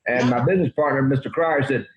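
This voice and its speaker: A man's voice: medium pitch, fast. A man in his eighties telling folksy, rambling anecdotes as a country music guest in an interview. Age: 80s. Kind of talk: interview storytelling. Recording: roomy, dull lo-fi sound.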